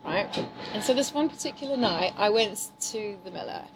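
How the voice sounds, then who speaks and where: An Englishwoman chatting easily about improv, full of fillers and quick laughs. She speaks at a middling pitch. A crowd murmurs clearly behind her. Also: expressive, poor audio. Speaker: improv teacher and guest. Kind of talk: casual chat.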